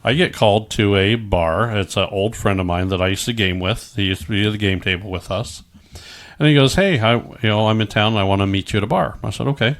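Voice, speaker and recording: A man's voice: lowish voice, fairly quick. A middle-aged man telling his own story in casual chat, rambling with many stammered restarts and frequent swearing.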